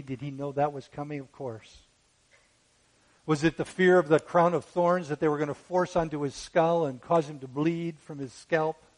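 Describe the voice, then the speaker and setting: Man preaching a sermon, kinda high voice, gets loud and fervent, lots of rhetorical questions. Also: rough recording. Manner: builds to loud impassioned peaks when quoting scripture; asks rapid rhetorical questions.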